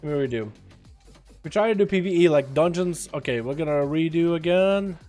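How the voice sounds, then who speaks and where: A man's voice: fairly high pitch, normal speed, a little mellow, soft background music. Chatty gaming streamer guy, casual. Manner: loose and chatty, swearing, hyping up viewers. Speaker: livestreamer. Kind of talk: casual gaming livestream chat.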